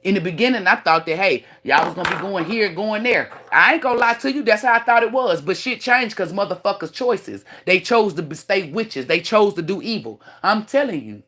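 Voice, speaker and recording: A woman's voice: medium pitch, expressive, fairly quick, hardly any pauses, fairly bright tone. A woman ranting live on stream with a mid-range voice, blunt and boastful. She lectures her viewers in a preachy tone and swears freely. She sounds sure of herself and hard-edged. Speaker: spiritual teacher. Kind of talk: livestream rant.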